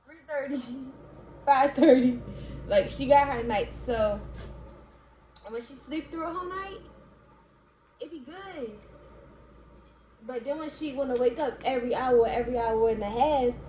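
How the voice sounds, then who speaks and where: This young adult vlogger from Baltimore has a high-pitched, dark voice and speaks at a measured pace, pausing often. She talks casually to viewers, drifting between topics, saying "like" and "y'all" a lot and laughing frequently. An echoey room and faint noise come through.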